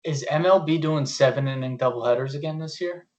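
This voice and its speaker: A man's voice: fairly high pitch, brisk. A young man co-hosting a podcast, talking sports bluntly with plenty of swearing, often mimicking what others said. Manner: blunt, profane, quotes people in mocking voices. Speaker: podcast co-host. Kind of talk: casual sports chat.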